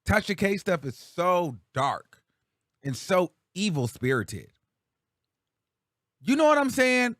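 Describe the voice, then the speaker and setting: A man's voice: high-pitched, slow pace, pauses often, no room sound. A talkative man hosting a casual commentary show, his voice rising and dipping with lots of life. He speaks in a loose, slangy way to his viewers, and the sound is dry and close. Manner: animated, chatty, slangy.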